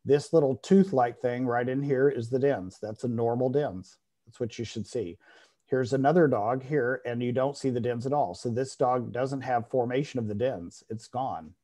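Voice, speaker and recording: A man's voice: medium pitch, normal speed, mellow. A middle-aged man giving a veterinary radiology lecture to a class, explaining step by step and often checking in with "okay?".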